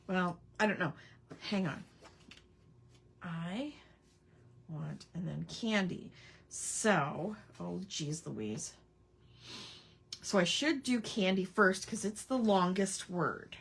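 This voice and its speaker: A woman's voice: medium pitch, animated, slow pace, slight background noise. A woman hosting a casual live crafting stream, rambling with lots of ums and chatting back to viewer comments. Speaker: crafting livestream host.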